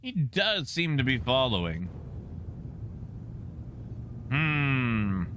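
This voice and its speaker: A man's voice: mid-range voice, big pitch swings, very slow, fairly bright tone, a little hiss or hum. A man chatting casually with fellow players while streaming a space game, teasing and playful. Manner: teasing, playful sing-song repetition. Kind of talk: casual gameplay commentary.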